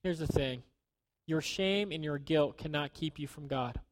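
A man preaching a sermon in a conversational way, acting out quotes and dropping to a hushed tone at times. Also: on the high side, unhurried. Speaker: pastor.

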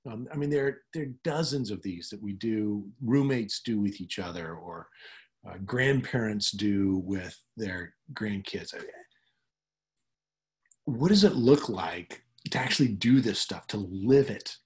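A man's voice: lowish voice, measured pace, darkish tone. A middle-aged male pastor preaching, breaking into effusive, enthusiastic praise as members share. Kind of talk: sermon with congregation sharing.

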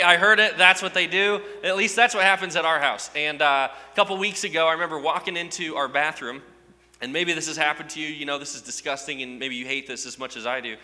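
Male storyteller, sharp bright tone, self-mocking, talks to the crowd, reverberant hall. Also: a little high. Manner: animated, self-mocking, asks the audience questions. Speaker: speaker addressing a live audience. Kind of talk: humorous storytelling to an audience.

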